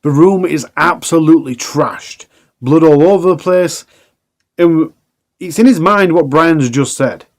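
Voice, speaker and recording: A man's voice: a little high, measured pace. A man narrating a true crime documentary in a plain, conversational way with casual asides.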